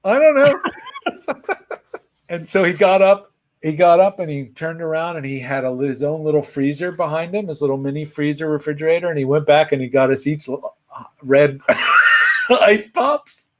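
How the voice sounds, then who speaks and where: Animated male storyteller on a live Q&A. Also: fairly high pitch, moderate pace. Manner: animated storyteller, acts out quoted voices. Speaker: co-host answering viewer questions. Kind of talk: casual live Q&A chat, storytelling.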